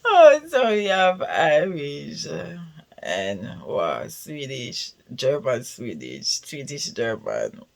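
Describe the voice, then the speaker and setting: A woman's voice: deep voice, big pitch swings, drawn-out words, creaky. A woman hosting a reaction video, thinking aloud with amusement about the clip she is watching. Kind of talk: reaction commentary.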